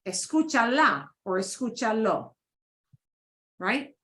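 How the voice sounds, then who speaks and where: Bright, lively woman teaching Spanish slowly. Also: on the high side. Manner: patient, repeats phrases for students to echo. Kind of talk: beginner language class.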